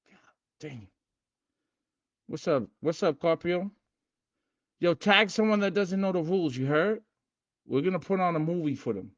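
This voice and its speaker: A man's voice: on the high side, moderate pace, pauses often, muffled recording. Hyped streetwise man on a livestream. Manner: hyped, streetwise, repetitive, shouting out viewers. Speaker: livestream host teaching game rules. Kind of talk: casual livestream chat.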